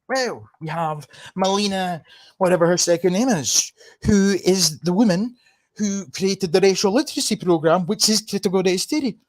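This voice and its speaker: Highland scottish guy streaming, sweary and sarcastic, kinda high voice. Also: moderate pace. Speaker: livestream host. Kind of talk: casual livestream chat. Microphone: computer microphone.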